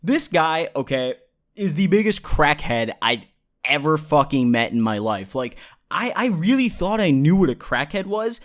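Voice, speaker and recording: A young man tells a casual, rambling story with plenty of swearing. His voice sits a little high and swings widely in pitch. He sounds animated throughout. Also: normal speed. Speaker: vlogger.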